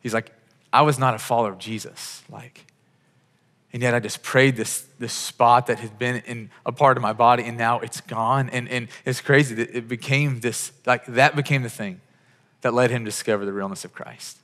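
A man's voice: medium pitch, fairly even intonation, normal speed, fairly bright tone, in a large hall. A man preaching a sermon as a pastor, telling stories with quoted dialogue and frequent restarts.

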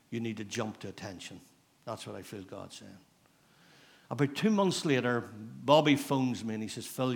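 A man's voice: mid-range voice, fairly bright tone. A middle-aged man with a Northern Irish accent, a pastor preaching a sermon in a church in a conversational storytelling manner, repeating phrases for emphasis.

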